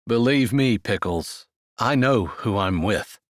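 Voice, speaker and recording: A man voicing an easygoing young male snowboarder in an audiobook, calm and reassuring. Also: fairly low pitch, slow, dry recording, studio quality. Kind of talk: audiobook character voice.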